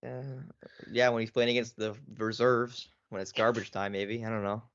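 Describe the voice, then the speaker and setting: A man's voice: lowish voice, flat delivery, moderate pace, fairly bright tone, smooth. A man co-hosting a sports podcast in casual chat, rambling and circling back with lots of filler phrases. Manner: rambling, lots of "you know" and restarts. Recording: dull lo-fi podcast audio.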